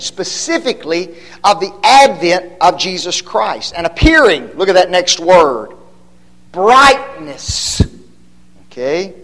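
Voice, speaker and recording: Slow, high-voiced man teaching Bible study. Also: fairly bright tone. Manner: quizzing listeners with rhetorical questions, frequent "okay?"; stretches key words slowly for emphasis.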